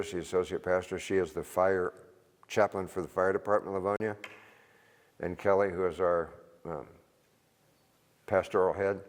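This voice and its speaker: An older man, a retired Army veteran, giving an informal seminar talk to a church group, rambling and plain-spoken and chuckling at his own stories. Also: low-pitched. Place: church hall. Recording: reverberant hall.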